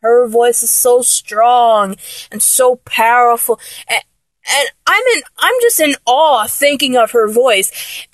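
With a fairly high voice and a slow pace, a woman rambles to viewers about songs she loves, stopping and restarting with many ums and bursting into badly sung snippets. The recording is dry.

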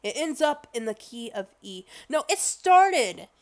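A woman vlogger giving casual, rambling music commentary, excitable and full of exclamations and restarts. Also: on the high side, measured pace.

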